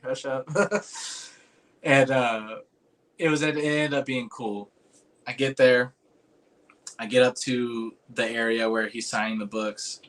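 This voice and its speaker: A young man in casual chat, telling a long story, acting out the other people's lines with lots of restarts. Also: medium pitch. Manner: animated, acts out quoted voices, rambling with restarts. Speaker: podcast host telling a story.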